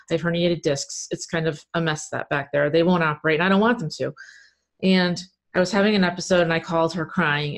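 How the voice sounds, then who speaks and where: Woman, podcast host; earnest, open, conversational, a touch low-pitched. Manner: earnest, enthusiastic, candid. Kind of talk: conversational interview.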